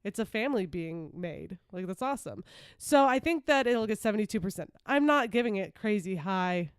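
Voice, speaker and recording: Chatty woman podcast co-host, smooth voice. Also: mid-range voice, animated, normal speed, dry recording, studio quality. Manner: chatty, rambling, filler-heavy. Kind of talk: casual chat.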